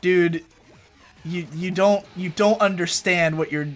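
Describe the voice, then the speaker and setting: A man's voice: high voice, fairly even intonation, slow, soft background music. A young man co-hosting a casual gaming chat at home, rambling through a story with loose swearing and jokey exaggeration. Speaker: co-host. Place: home room.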